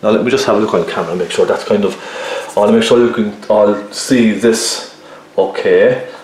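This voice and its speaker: A man giving a relaxed painting tutorial, talking viewers through each step and often checking in with them as he works. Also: fairly low pitch, normal speed. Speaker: painting teacher. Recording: very echoey room.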